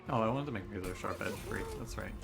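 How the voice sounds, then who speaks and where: A man's voice: fairly low pitch, fast, vocal fry. A man giving casual, chatty commentary while playing a video game, talking himself through choices with jokey, exasperated outbursts. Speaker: gaming streamer. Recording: game music behind the voice.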